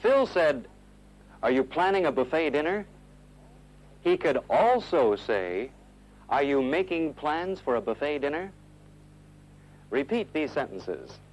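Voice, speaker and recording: A man narrating a scripted English lesson from a 1970s course film, modelling phrases slowly and clearly for learners to repeat. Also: fairly high pitch, sing-song, low-quality recording.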